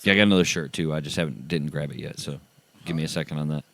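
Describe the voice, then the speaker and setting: A man's voice: rumbling low, very fast, vocal fry, a bit bright, slight background noise. A man co-hosting a casual podcast, dropping dry wisecracks. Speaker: podcast co-host.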